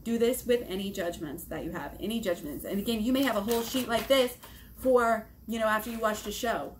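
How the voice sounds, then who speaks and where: A woman talking casually to her viewers in a vlog about self-help, lively, swearing and acting out her own inner dialogue. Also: mid-range voice, a little fast, a little hiss or hum. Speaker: vlogger on self-help and shadow work.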